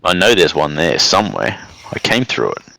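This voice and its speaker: A man's voice: sits low, very animated, moderate pace, gravelly, bright, forceful tone, no room sound, rough recording. A man playing a tabletop game on a voice call, hesitant and full of ums as he asks the game master questions. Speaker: player. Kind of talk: casual tabletop game play. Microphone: online voice call.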